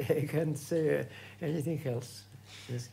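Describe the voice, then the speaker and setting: A man in his eighties from Russia, speaking English with a Russian accent, recalling his past at home in a halting way full of hesitations. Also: a little high, steady tone, creaky, warm tone. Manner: halting, many hesitations and restarts. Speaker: composer being interviewed. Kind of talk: reminiscing interview.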